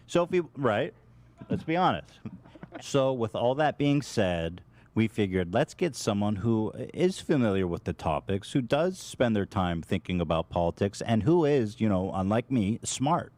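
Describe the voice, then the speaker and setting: Low-voiced joking podcast man. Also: big pitch swings, a little slow, darkish tone, no room sound. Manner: joking, self-deprecating. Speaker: podcast host. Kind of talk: casual podcast talk.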